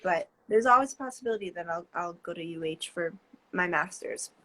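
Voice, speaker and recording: A woman's voice: lowish voice, bright, forceful tone, low-quality recording. A woman in her twenties from New Jersey, with a New Jersey accent, chatting as a guest artist over a video call, hesitant and full of fillers. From New Jersey, USA. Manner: rambling, hesitant, many fillers and quick laughs. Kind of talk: casual chat.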